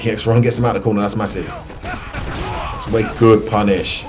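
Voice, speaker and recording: A British man giving excitable, chatty live commentary on a fighting-game match. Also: lowish voice, moderate pace, over music. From United Kingdom. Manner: excitable, chatty, laughs often. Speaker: esports commentator.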